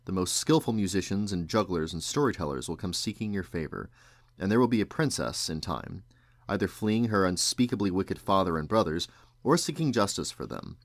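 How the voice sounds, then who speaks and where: A man's voice: low voice, expressive, no echo. A man reading aloud and voicing a grown male magician, wry and rueful, in a storybook. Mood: teasing. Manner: brisk and sharp, then wistful.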